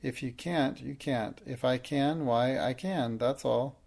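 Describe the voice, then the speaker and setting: A man's voice: mid-range voice, measured pace, gravelly, a little mellow. A man reading the part of an earnest, thoughtful and proud young schoolgirl in a storybook, speaking in careful, earnest words.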